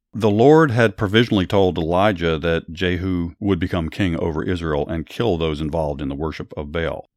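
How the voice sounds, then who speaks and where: A man narrating Bible stories and adding commentary, reading in a measured, earnest way with small restarts when he explains. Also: deep voice, dry recording, studio quality. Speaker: storyteller and Bible teacher.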